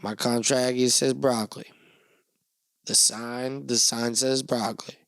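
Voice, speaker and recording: Gravelly guy hosting a solo podcast: rambly, excitable, easily sidetracked. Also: medium pitch, unhurried. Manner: rambling, loses his train of thought, animated bursts. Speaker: podcast host.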